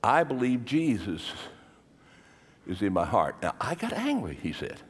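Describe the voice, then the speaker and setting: An older male pastor preaching a sermon, telling stories dramatically and swinging between hushed and raised delivery. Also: mid-range voice, wildly swooping pitch, unhurried, breathy edge. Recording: long hall reverb.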